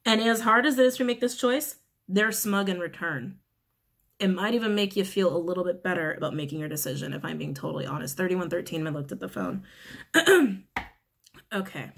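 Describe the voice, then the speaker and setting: A woman giving a casual tarot reading in a blunt, frank manner, cursing freely when annoyed. She repeats her key phrases over and over and often stops to clear her throat. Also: fairly low pitch, lively intonation, fairly quick. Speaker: tarot reader.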